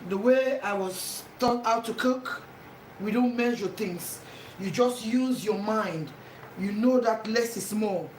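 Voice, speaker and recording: Her voice is a little high, slow and slightly mellow as she demonstrates cooking in her home kitchen. The home cook explains every step to the viewer and keeps repeating the instructions, with echo and frying audible throughout.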